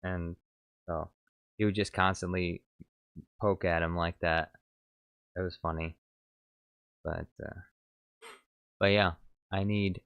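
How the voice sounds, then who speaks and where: A man's voice: sits low, no room sound. A man casually chatting as a streamer, rambling, self-mocking and reading out chat.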